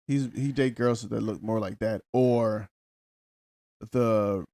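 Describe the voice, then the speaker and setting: Gravelly man chiming in bluntly. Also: on the low side, takes it slowly, dark tone, no room sound. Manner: blunt, insistent interjections. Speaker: podcast co-host. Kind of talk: casual chat.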